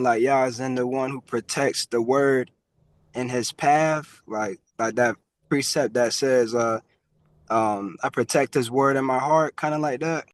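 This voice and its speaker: A man with a mid-range voice, putting forward an idea tentatively. He thinks aloud, hedging and stumbling over his words as he goes. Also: medium pitch. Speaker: study group member.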